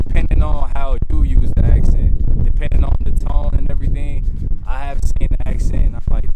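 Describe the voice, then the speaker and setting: A man's voice: mid-range voice, fairly even intonation, fairly quick. A man vlogging outdoors in the wind, talking in a laid-back, slangy way and tossing in "bro" and "man". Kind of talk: casual talking-to-camera vlog. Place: outdoors, windy.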